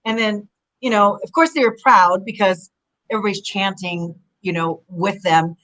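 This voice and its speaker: On a low-quality video-call recording, a middle-aged woman from Southern California, once a wrestler, chats as an interview guest. Her mid-range voice moves at normal speed while she rambles animatedly through her stories in casual conversation.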